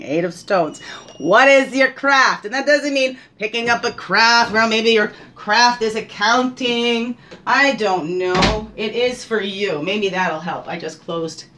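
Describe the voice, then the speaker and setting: At home, a woman leads a spiritual guidance session, drawing oracle cards in a wandering, thoughtful manner and frequently putting questions to the listener. Her voice is fairly high, bright and forceful, with a little background noise. It's a casual oracle card reading.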